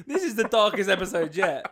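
A man's voice: sits high, bright, forceful tone, husky. A man hosting a podcast, bantering casually, swearing freely and laughing often. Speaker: podcast host.

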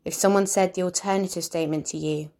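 A woman reads a scripted lesson in a calm, measured way. Her voice sits low and stays flat, with little rise or fall. She explains each point plainly and steadily. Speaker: instructor. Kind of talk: scripted instructional narration.

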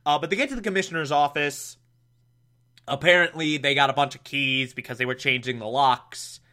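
A young man casually recapping an old show with sarcastic asides, laughing often and dropping into quick mock voices. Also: mid-range voice, pushed and bright. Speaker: podcast host recapping a show.

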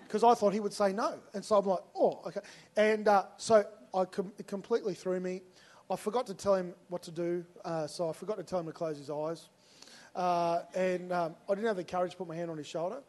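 A man's voice: high voice, a little mellow. An Australian man preaching a sermon, telling personal stories in a conversational way and acting out both sides of the dialogue. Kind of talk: sermon storytelling.

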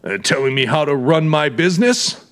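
A man's voice: on the high side, lively intonation, moderate pace, a bit bright, voice pushed up. A man doing a surly, defiant aging tough. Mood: defiant grumbling. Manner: defiant, grumbling, indignant. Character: surly aging man, gun-toting warehouse owner. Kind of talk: audiobook character voice.

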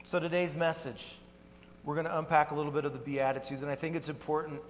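A man's voice: on the high side, little pitch movement, quick pace, a little hiss or hum. A man preaching a sermon as pastor in an earnest, conversational way, in a church sanctuary. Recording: long hall reverb.

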